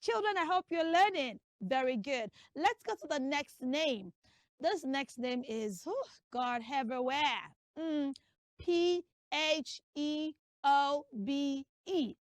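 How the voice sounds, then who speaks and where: A woman's voice: sits high, slow, no echo, studio quality. A woman playing a comic pronunciation teacher, emphatically drilling a class and spelling out names letter by letter. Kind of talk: comic classroom lesson skit.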